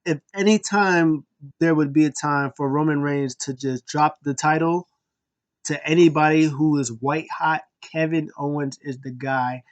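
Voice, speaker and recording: Animated man recapping wrestling. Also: on the high side. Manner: animated, acts out wrestlers' lines in quick impressions. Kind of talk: casual recap commentary.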